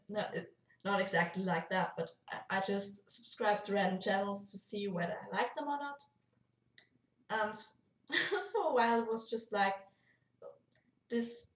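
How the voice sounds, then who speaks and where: A young woman with a German accent, chatting casually in a rambling vlog and laughing often. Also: mid-range voice. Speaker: YouTuber. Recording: echoey room, far from mic.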